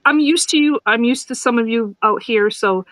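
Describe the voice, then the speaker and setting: A woman's voice: a little high, normal speed, a bit bright, no echo, low-quality recording. A woman guest chatting casually and nervously, often repeating and restarting her words. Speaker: guest, newlywed bride. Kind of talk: casual chat.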